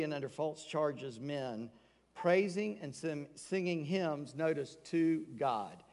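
Male pastor, sermon delivery, gravelly and slightly high, conversational, recorded in a reverberant church hall. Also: darkish tone. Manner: conversational preaching, acting out quoted voices. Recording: long reverb of a large hall.

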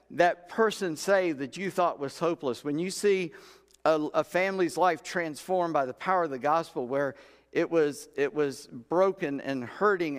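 A man preaching a sermon in a church, telling stories in a folksy way and acting out the voices in his quotes. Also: fairly high pitch. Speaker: pastor. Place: church sanctuary. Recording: long hall reverb.

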